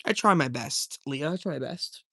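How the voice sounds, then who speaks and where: A man's voice: on the high side, animated, normal speed, fairly bright tone, no echo, clean studio sound. Slangy young man chatting on a livestream. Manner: loose, rambling, slangy, calls chat man, dude, bro. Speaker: livestreamer reading chat. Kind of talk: casual livestream chat. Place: at home with his cat.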